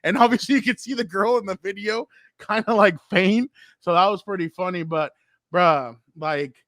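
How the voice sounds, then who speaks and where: A man with a fairly high voice chats on a sports podcast. He tells stories with energy and acts out the people in them. The recording is dry and close to the mic. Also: normal speed, dry recording. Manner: animated storyteller, acts out quotes. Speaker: podcast co-host. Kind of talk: casual chat.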